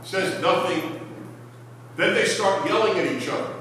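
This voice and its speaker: A man's voice: high-pitched, unhurried. Joking man speaking in an echoey hall. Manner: joking storyteller, animated. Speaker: guest speaker. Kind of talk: humorous lecture. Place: large hall with audience. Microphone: microphone, later unamplified. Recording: echoey hall with background noise.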